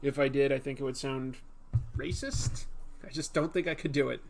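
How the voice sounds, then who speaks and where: A man's voice: medium pitch, fairly even intonation, normal speed, creaky. A man hosting a comics video, chatting casually and self-mockingly while drawing. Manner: self-mocking, chuckling between attempts.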